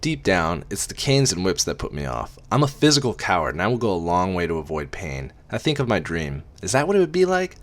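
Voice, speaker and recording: A man's voice: low-pitched, big pitch swings, fairly quick, few pauses. A man reading a novel aloud in a casual amateur way, with wry asides and casual swearing.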